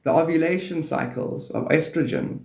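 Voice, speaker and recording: A man hosting a live stream, rambling playfully about spirituality and now and then jumping into high excited bursts. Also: moderate pace, vocal fry. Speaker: livestream host. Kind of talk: rambling spiritual livestream talk. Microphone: phone or desk mic on a live stream. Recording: echoey room.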